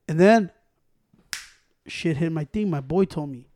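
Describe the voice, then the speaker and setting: High-voiced man telling a profane story. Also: moderate pace, pauses often. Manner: profane, animated, acts out quotes. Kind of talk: casual storytelling among friends.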